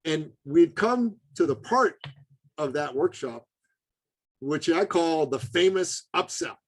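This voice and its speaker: A man speaking as a podcast guest, telling an earnest story in an animated way, his voice jumping high for emphasis. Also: slow pace, no room sound, low-quality recording. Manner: earnest, addresses host as brother. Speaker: podcast guest, business consultant.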